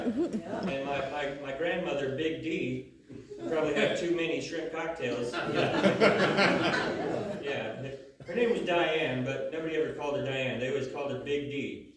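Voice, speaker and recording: A man in his thirties doing a stand-up comedy set, halting and full of uhs and restarts. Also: on the high side, crowd noise. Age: 30s. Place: comedy venue before a live audience. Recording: echoey room, voice from a distance.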